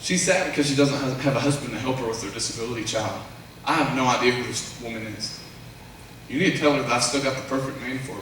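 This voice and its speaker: A man preaches a revival sermon, telling stories with animated energy and speaking straight to the congregation. His voice is bright and forceful. It comes from some distance away, in a church with a heavy echo. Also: mid-range voice, a little hiss or hum. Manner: animated storytelling, addresses congregation directly. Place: church sanctuary. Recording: very echoey church sound from afar.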